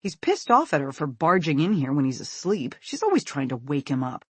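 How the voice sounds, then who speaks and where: Expressive male audiobook narrator, husky tone. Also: a little high, fairly quick, dry recording.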